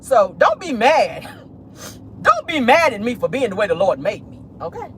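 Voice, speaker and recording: A woman's voice: on the high side, huge pitch swings, normal speed, fairly bright tone, a little hiss or hum. A woman talking straight to her viewers in a sassy, petty vlog commentary, calling them "honey" and "y'all". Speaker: YouTube commentary host. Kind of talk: casual commentary vlog from a car. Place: parked car.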